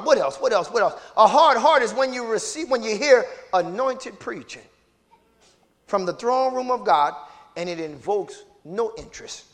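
A man preaching a sermon as pastor, calling out to the congregation and swinging between low murmurs and shouts. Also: lively intonation, normal speed.

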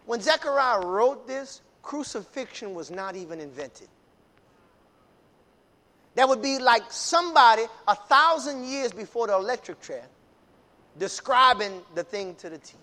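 Man preaching, very high voice, bright, fervent, rising to shouts. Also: big pitch swings, moderate pace, pauses often. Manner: builds from low teaching to shouted, fervent preaching. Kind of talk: sermon.

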